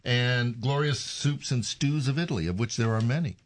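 A man's voice: mid-range voice, normal speed, slight background noise. A man co-hosting a talk show, joking and self-deprecating. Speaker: co-host.

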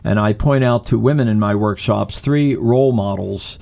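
A man's voice: on the low side, normal speed, creaky, warm tone. A man who coaches speaking, explaining his points in an emphatic, instructive way during an interview. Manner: explanatory, emphatic, gives tips. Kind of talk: conversational interview answers.

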